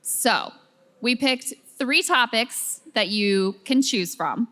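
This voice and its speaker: A woman's voice: fairly high pitch, lively intonation, takes it slowly, sharp tone. Woman, co-host, casual political chat, laughs often, long reverb. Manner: chatty, laughs often, explains step by step.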